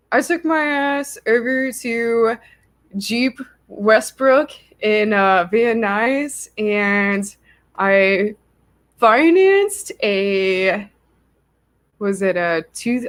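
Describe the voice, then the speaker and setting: This is a young woman with a fairly high voice, chatting to her viewers. She tells her story in a casual, animated way and keeps filling it with "like.". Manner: chatty, lots of "like" fillers, animated retelling. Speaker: livestream host.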